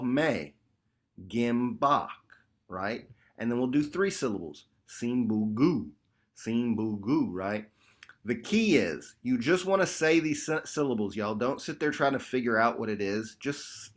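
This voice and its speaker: Casual man leading an online workshop. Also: mid-range voice. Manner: casual, animated, slangy, addresses group as y'all. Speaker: workshop facilitator. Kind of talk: online group workshop teaching. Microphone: video call.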